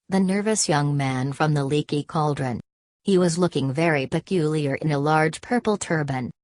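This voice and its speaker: A woman narrating an audiobook in a steady, measured way. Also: low voice, dry recording.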